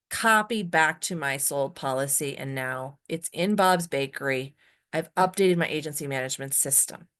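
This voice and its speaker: A woman training users in a software webinar, emphatic and often checking in with "right?". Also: low voice.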